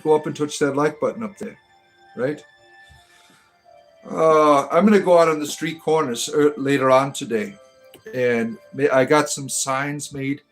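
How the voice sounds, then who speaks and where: A man hosting a casual livestream as a satirical spiritual entertainer, reading chat comments aloud with joking asides and filler ums. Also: mid-range voice. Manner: rambling, joking, reads viewer names aloud with filler ums.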